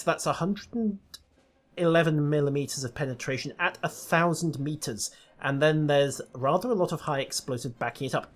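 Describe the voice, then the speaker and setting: A man giving dry, wry commentary while playing a game, over loud game noise. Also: fairly high pitch. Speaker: gameplay commentator.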